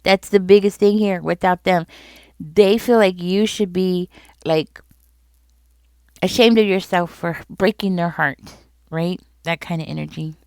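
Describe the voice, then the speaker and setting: A woman talks viewers through a tarot spread in a loose, conversational way, circling back over her points. Her voice sits low and smooth. It is recorded close and dry, with no room sound. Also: fairly even intonation, unhurried, a little mellow, dry recording. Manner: conversational, repeats herself, speaks directly to viewers. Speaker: tarot reader. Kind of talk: casual tarot reading to camera.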